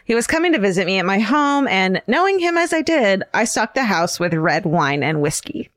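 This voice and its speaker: Lively woman reading listener letters. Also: medium pitch, moderate pace, no echo. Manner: animated, laughing, swears freely. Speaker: podcast co-host reading listener stories. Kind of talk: casual chat, reading letters aloud.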